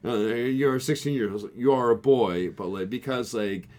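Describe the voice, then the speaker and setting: A man with an ordinary middle-pitched voice reads news items aloud on a casual podcast. He breaks into laughter, trips over his words and restarts sentences as he jokes along. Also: normal speed, a little mellow. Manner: joking, laughs often, many restarts. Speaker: podcast co-host.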